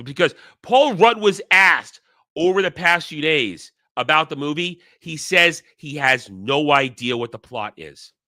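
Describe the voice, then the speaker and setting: Scornful ranting man, bright voice. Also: on the high side, dry recording, clean studio sound. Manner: sarcastic, scornful, repeats phrases. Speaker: online commentary host. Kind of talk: ranting commentary.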